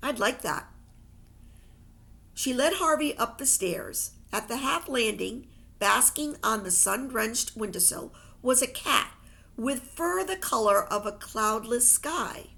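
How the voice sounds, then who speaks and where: A woman reading a novel aloud with expressive storytelling. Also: on the high side, measured pace, vocal fry. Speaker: reader.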